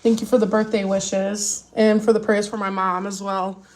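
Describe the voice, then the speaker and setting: A mother who vlogs chats casually with her viewers live, worried and rambling, restarting often and close to tears. Her mid-range voice is a little mellow, with a flat delivery at normal speed.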